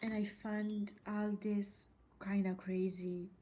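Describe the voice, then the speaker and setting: A woman's voice: medium pitch, level tone, slow, warm tone, slight background noise. A woman hosting a solo podcast, talking in an indignant, emphatic way, swearing freely and repeating herself. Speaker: podcast host.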